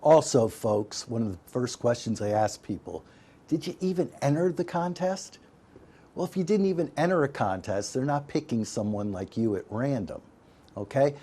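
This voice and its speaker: Man, instructor, folksy, emphatic, mellow tone, breathy edge. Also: mid-range voice, animated, moderate pace. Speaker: digital literacy instructor. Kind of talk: instructional talk.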